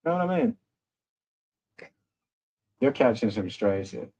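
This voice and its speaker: Brief: young guy, lowish voice, rambling self-mocking banter as stream host. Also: very animated, measured pace, dark tone, highs cut off, a little hiss or hum. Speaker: livestream host. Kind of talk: casual chat.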